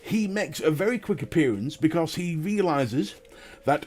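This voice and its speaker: A man's voice: a little high, animated, moderate pace, darkish tone. A man with a Northern English accent hosting a casual live stream, chatting and greeting viewers and laughing often. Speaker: live-stream host and vape reviewer.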